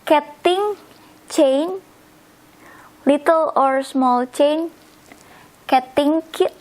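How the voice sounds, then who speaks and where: Her voice is high with a darkish tone, and she delivers a slow instructional explanation of vocabulary as a language teacher. Originally an Indonesian speaker, the woman talks slowly, repeating words and spelling their endings out, on a low-quality recording.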